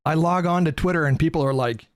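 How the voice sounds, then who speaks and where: A man's voice: fairly high pitch, fast, dry recording. A man streaming, chatting and reading viewer donations aloud. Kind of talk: casual stream commentary.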